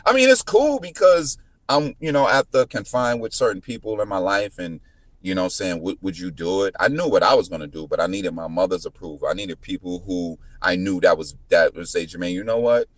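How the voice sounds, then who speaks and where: A man in his thirties telling a story in casual chat, full of restarts, whose pitch jumps up when he quotes people. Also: brisk, no echo. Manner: animated, repetitive restarts, jumps into high pitch when quoting. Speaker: podcast guest.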